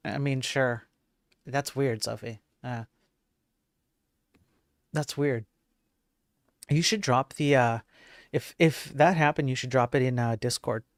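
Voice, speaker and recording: A man's voice: mid-range voice, slow pace, pauses often, no echo, clean studio sound. A man hosting a live stream, chatting casually and self-deprecatingly with his viewers, rambling from one aside to the next. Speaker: livestream host.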